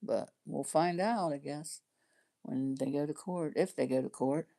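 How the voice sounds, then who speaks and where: A woman's voice: sits low, measured pace, gravelly, mellow. A middle-aged woman chatting casually on her livestream, rambling and laughing often. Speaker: livestream host chatting with viewers.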